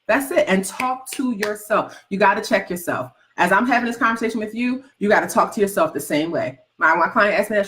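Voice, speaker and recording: A woman coaching aspiring authors in a motivational talk, animated and teasing, firing loud rhetorical questions at her viewers. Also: mid-range voice, brisk, few pauses. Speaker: writing and goals coach.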